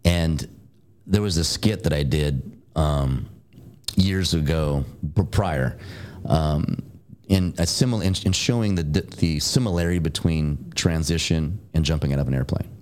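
A man's voice: extremely low pitch, a little slow, a little mellow. A middle-aged man, a military veteran and guest, telling stories in a casual, rambling way with many fillers, curse words and laughs. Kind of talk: casual storytelling in a conversation.

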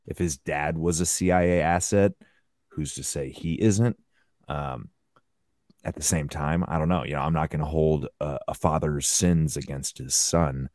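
A man hosting a casual podcast panel discussion, musing and hedging, trailing off softly at the ends of his thoughts. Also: rumbling low, measured pace, no echo, clean studio sound. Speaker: podcast host.

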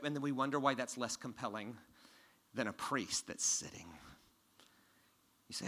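A man preaching a sermon to a congregation from a church stage, quizzing the listeners and swinging from loud emphasis to hushed tones. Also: medium pitch, normal speed, long pauses. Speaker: pastor.

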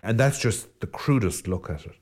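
A man's voice: on the low side, expressive, normal speed, a little mellow. An Irish man, a Catholic priest, giving an earnest, rambling podcast reflection with self-deprecating asides.

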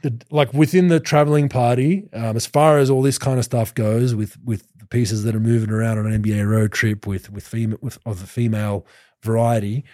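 A man in his thirties, a podcast host who played pro basketball, telling lively anecdotes with many restarts and laughs. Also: mid-range voice, a little fast, no room sound, studio quality. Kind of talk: casual storytelling chat.

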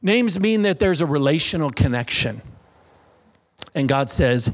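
Male pastor, sermon delivery, slightly high voice, animated storyteller who acts out voices. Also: measured pace.

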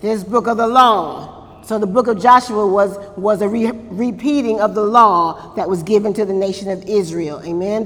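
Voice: medium pitch, moderate pace, fairly bright tone, long reverb tail. A Bible study teacher leading a church class, asking the group questions, answering them, and adding frequent amens.

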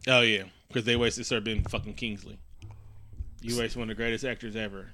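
Bright, animated man recapping a film. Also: fairly low pitch, brisk, a little hiss or hum. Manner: profane, animated, acts out scenes with quotes. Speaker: podcast co-host. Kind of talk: casual movie recap chat.

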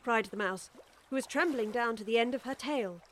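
A woman narrating a classic children's storybook in a gentle, expressive reading voice. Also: on the high side, normal speed, slight background noise.

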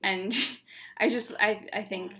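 A woman's voice: medium pitch, steady tone, slow pace, bright, forceful tone. A young woman co-hosting a podcast, talking candidly in casual chat, swearing freely and laughing often. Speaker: podcast co-host.

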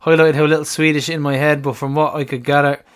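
A man's voice: on the high side, level tone, fast talker, clear, resonant tone. A man co-hosting a casual football fan podcast, jokey and laughing often, swearing casually. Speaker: podcast co-host.

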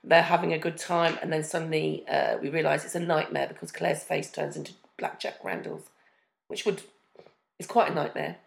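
Woman co-host recapping a tv show, gravelly voice, echoey room. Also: deep voice, flat delivery, moderate pace, a little hiss or hum. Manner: chatty, recaps plot, adds trivia. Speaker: podcast co-host. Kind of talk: casual chat reviewing a TV series.

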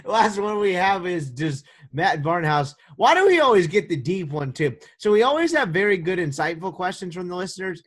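Animated man co-hosting a sports podcast. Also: a little high. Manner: animated, joking, quick restarts. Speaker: podcast co-host. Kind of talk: casual sports podcast chat.

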